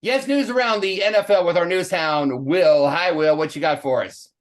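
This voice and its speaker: Upbeat male podcast host, slightly high voice, light music playing under him, casual and jokey. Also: moderate pace. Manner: upbeat, jokey, laughs often. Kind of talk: casual fan podcast chat.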